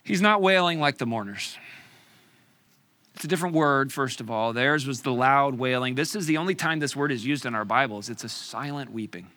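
A medium-pitched man preaches a sermon, using dramatic pauses and rhetorical questions. He swings between loud emphasis and hushed near-whispers.

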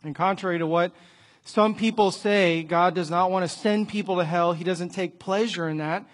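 A man preaching a sermon and telling an illustrative story, earnest, often dropping to a soft, hushed voice. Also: high-pitched, steady tone, moderate pace.

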